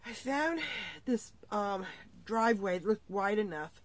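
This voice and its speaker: A middle-aged woman talks into her camera from inside her camper at the end of a long day. She sounds tired but keeps laughing as she recounts the story, jumping up in pitch whenever she mimics someone else. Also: a little slow. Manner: animated, laughing often, acting out quoted voices. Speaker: vlogger. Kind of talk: casual storytelling vlog.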